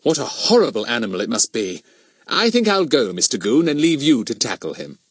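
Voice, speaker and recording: A man's voice: mid-range voice, sing-song, a little fast, no echo, clean studio sound. A man reading an audiobook voices a cheeky, clever schoolboy detective with a mock-innocent manner. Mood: teasing.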